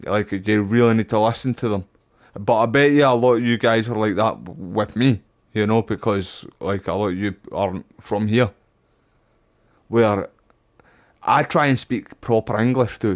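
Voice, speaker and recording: Chatty Scottish man, low voice. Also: moderate pace. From Scotland. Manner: chatty, rambling, says "wee", "aye" and "mate". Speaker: streamer. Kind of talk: casual live-stream chat.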